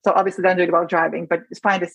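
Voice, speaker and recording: Husky-voiced woman speaking earnestly. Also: fairly low pitch, flat delivery, rapid-fire, fairly bright tone, dry recording, rough recording. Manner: earnest, emotional, many restarts. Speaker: rheumatologist guest. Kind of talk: conversational interview.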